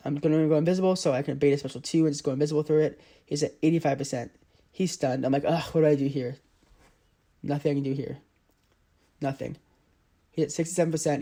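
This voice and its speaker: A gaming channel host narrates his own mobile game footage in a casual play-by-play, frequently sounding exasperated. His voice is mellow and sits on the high side.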